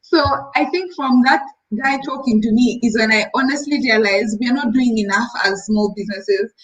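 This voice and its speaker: A woman's voice: on the high side, normal speed, low-quality recording. A woman, co-hosting a casual business chat and acting out stories. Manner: animated storyteller, acts out callers. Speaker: co-host, rabbit seller.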